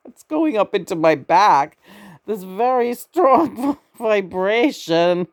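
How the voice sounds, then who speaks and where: A woman's voice: mid-range voice, very animated, slow pace, a little mellow. A woman in a casual spiritual vlog at home, laughing often and playfully talking to unseen spirits. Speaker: tarot vlogger. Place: home bedroom.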